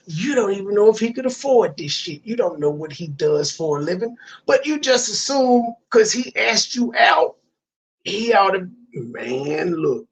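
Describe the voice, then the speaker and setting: A man's voice: high voice, sing-song, a little slow, husky. A man hosting a reaction commentary, ranting with profane disbelief. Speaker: commentary channel host.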